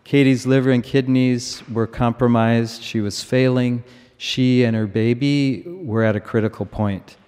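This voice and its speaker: A middle-aged male preacher delivers his sermon at an unhurried, deliberate pace, leaning on repeated words. His voice sits at an ordinary pitch. It rings out with the long reverb of a large church. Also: fairly even intonation, darkish tone, clean tone. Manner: slow, measured, emphatic repetition.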